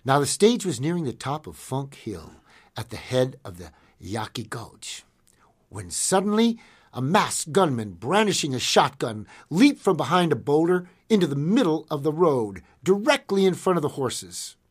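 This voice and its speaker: A man's voice: a little high, big pitch swings, normal speed, slightly rough. A man telling an old-west history story in a folksy, dramatic way, chuckling now and then.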